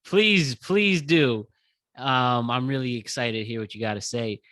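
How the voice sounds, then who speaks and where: A man hosting a podcast, talking calmly and encouraging his guest. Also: mid-range voice, a little slow, no room sound. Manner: calm, encouraging. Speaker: podcast host. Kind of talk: casual interview chat.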